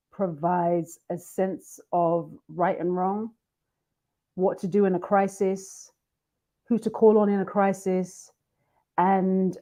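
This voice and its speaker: A woman's voice: mid-range voice, dark tone, highs cut off. A woman on an online panel discussing faith, giggling and trying to compose herself. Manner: giggling, trying to stay serious.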